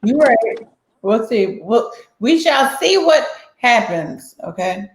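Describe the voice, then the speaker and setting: A woman's voice: on the high side, big pitch swings, slow pace, roomy sound, low-quality recording. A woman hosting a casual podcast panel chat, talking in a blunt, emphatic, defensive way. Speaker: podcast host.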